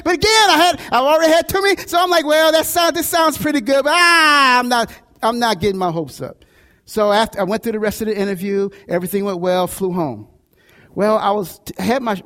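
A male pastor preaching a sermon, telling a personal story with lively, animated delivery. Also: sits high, big-room sound. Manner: animated storytelling with shouts and laughs.

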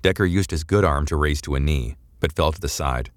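A man reading a sci-fi adventure serial in a measured, dramatic way. His voice is extremely deep, and the recording is dry and close to the mic. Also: no echo. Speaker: audiobook narrator. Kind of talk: scripted narration.

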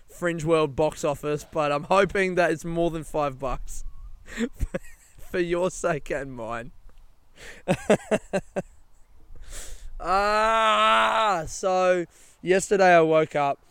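Young aussie bloke rambling through a story, swears a lot, laughs a lot, dry close sound. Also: male voice, a little high, clean tone, dry recording. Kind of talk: casual anecdote, monologue.

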